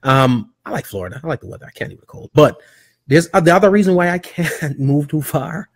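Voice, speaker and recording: A man's voice: a little high, brisk, slightly rough. Joking Jamaican man on radio. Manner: animated, joking storyteller. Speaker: radio show host. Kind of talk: casual radio chat.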